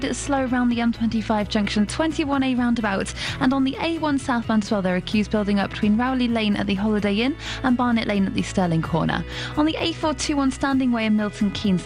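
A woman reading a scripted traffic bulletin on radio in a brisk, clear way. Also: a little high. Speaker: travel news reporter.

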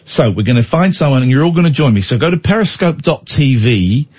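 A man's voice: medium pitch, lively intonation, fairly quick, a little mellow, husky. A man hosting late-night radio, bantering with a co-host in mock outrage. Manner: playful, mock-outraged teasing. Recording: dull lo-fi radio studio sound.

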